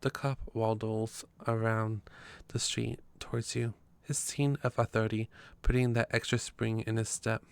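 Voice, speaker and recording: A man's voice: medium pitch, vocal fry, smooth, no echo. A man reading a story game's text aloud in a casual way, with his own asides between passages. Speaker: game player narrating.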